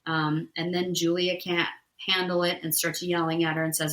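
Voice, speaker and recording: A woman's voice: sits low, level tone, normal speed, few pauses, a bit bright, roomy sound, rough recording. A woman co-hosting a casual podcast, retelling a reality show episode step by step with frequent "um"s and "right?". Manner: recaps events step by step with many "um"s and "right?". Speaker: podcast co-host.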